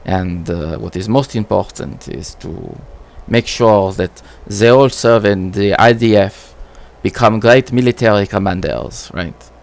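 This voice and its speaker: A man putting on a sarcastic caricature of a male official, speaking slowly and drawn out. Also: on the low side, creaky.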